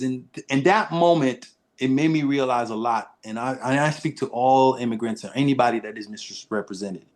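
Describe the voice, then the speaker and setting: Male actor guest, animated storyteller, mid-pitch, voices the people in his stories. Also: a little fast. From Haitian-American. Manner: lively, acts out quoted dialogue, laughs often. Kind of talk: animated storytelling in a podcast interview.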